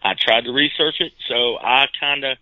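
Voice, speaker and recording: A man co-hosting a casual podcast, chatty and quick to laugh. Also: mid-range voice, dry recording. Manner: animated, laughs easily, chatty storyteller. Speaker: podcast co-host. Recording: dry, tinny phone-like line.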